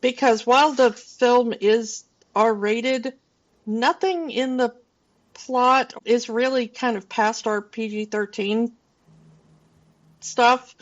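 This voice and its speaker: Slow-talking woman on a dull recording. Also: on the high side. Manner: rambling, loose, with many fillers and restarts. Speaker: podcast co-host. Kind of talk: casual film podcast chat.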